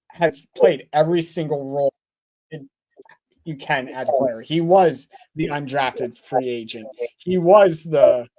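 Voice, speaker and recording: A man's voice: medium pitch, a little mellow. A man co-hosting a sports podcast, earnestly driving home his points by repeating them. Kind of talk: casual sports talk.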